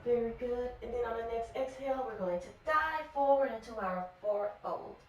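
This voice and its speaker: A woman leading a kids yoga class, guiding poses gently and praising often. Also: fairly high pitch, fairly quick, muffled recording. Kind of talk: guided yoga class for children. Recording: echoey room from far off with faint noise.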